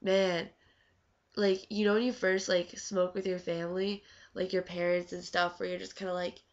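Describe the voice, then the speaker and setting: A woman's voice: lowish voice, level tone, moderate pace. A teenage girl chatting casually in a vlog, full of "like" fillers and acted-out quotes. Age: teens. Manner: chatty, lots of "like", acts out quoted talk. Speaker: vlogger. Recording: dull lo-fi webcam audio.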